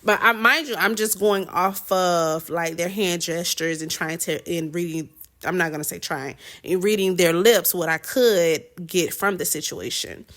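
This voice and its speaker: A woman's voice: fairly low pitch, a little slow, a bit bright. Chatty, dramatic woman telling a story. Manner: chatty and dramatic, lots of fillers and restarts; slangy, informal phrasing. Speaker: podcast host. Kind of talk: casual storytelling monologue.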